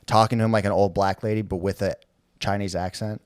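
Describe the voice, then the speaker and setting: Podcast co-host, male, low-pitched, rambling and laid-back, dry close mic. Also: steady tone, fairly quick, smooth, no room sound. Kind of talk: casual chat.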